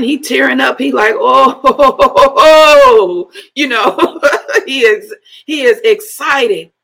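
Middle-aged woman preacher, husky and unhurried, laughs between phrases. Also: fairly high pitch, fairly bright tone, rough recording. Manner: breaks into speaking in tongues, laughs between phrases. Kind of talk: sermon.

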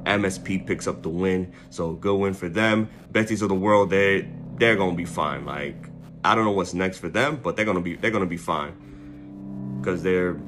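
A man's voice: deep voice, noisy background. A man giving a casual, rambling recap, correcting himself often and laughing at his own slips. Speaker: wrestling fan reviewer. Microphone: headphones with mic.

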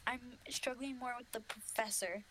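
Bright-voiced young woman, chatty. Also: fairly high pitch, normal speed, a little hiss or hum, poor audio. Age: young adult. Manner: storytelling with many fillers. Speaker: podcast co-host. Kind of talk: casual chat.

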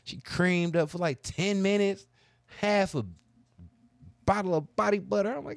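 A man on a casual talk show, telling crude, boastful stories in a profane, animated way. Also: sits high, unhurried, gravelly, long pauses, dry recording. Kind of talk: casual storytelling chat.

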